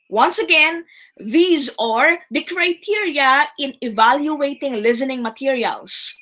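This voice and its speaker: A woman teacher giving a recorded lesson, slowly stressing and repeating keywords for her students. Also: high voice, expressive, sharp tone, poor audio. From Philippines.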